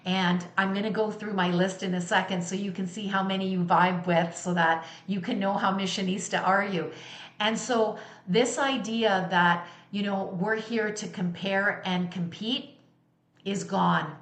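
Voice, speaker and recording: A woman's voice: mid-range voice, steady tone, a little slow, reverberant. A middle-aged woman giving a motivational talk as a sound healer, speaking candidly and emphatically, with blunt swearing.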